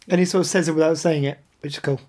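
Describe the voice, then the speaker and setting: A woman's voice: sits low, darkish tone. A woman, co-hosting a podcast and recapping a TV episode with laughing, teasing banter. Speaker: podcast co-host. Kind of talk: casual chat recapping a TV episode.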